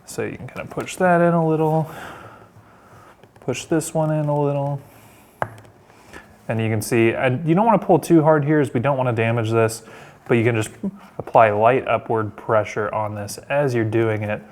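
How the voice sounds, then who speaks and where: A man giving a relaxed step-by-step installation demonstration in a workshop, talking as he works with plenty of ums and uhs. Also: medium pitch, moderate pace. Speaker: installation instructor.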